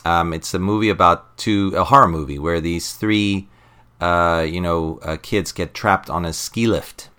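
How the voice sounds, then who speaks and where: This podcast co-host, a man with a low, slightly slow voice, has a sharp yet clean tone. He eagerly recaps a comic in casual chat, laughing often and acting out the lines.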